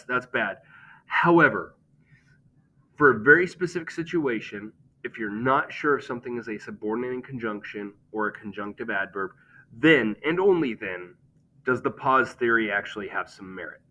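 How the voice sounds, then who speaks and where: A man's voice: medium pitch, bright, forceful tone, lo-fi sound. A man teaching a grammar lesson, explaining step by step and checking in with "okay?".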